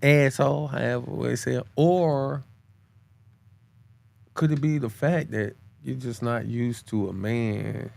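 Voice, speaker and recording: A man co-hosting a casual chat, talking in slang, calling his listener bro, and jumping up in pitch to press his points. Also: takes it slowly, creaky, pauses often, no room sound. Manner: animated, swings his pitch high when making a point. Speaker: podcast co-host.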